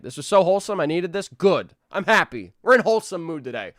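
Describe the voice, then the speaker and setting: A man's voice: high voice, very animated, a little fast, few pauses, a bit bright, dry recording, clean studio sound. A man in his twenties chatting casually with viewers on a live stream, rambling and restarting his sentences. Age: 20s. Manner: rambling, restarts, laughs easily. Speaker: animator streamer.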